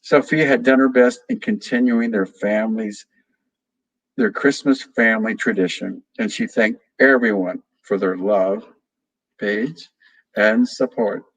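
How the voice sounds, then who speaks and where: A man's voice: fairly low pitch, low-quality recording. A man, a children's author, reading a storybook aloud expressively to children. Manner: slow, expressive, addresses children. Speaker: guest reader, children's author.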